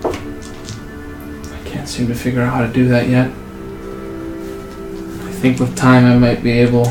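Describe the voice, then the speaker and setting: A man voicing a proud, weary female drake made of starlight, speaking in a calm, measured way. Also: mid-range voice, lightly acted. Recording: echoey room, music behind.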